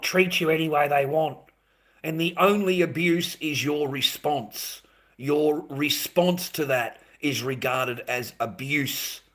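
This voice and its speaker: An Australian man hosts a livestream rant, speaking bluntly, swearing constantly, repeating his points and calling viewers mate. His voice is on the high side with a fairly bright tone.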